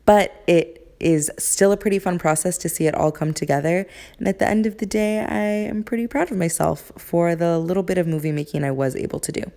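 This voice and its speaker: A woman's voice: on the low side, brisk, gravelly, warm tone. A young woman chatting upbeat and casually about her performance process in a home vlog, recorded on a phone. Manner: chatty and upbeat, with filler words. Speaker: musical theatre performer and vlogger. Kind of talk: casual behind-the-scenes vlog. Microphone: phone camera, sometimes set far off.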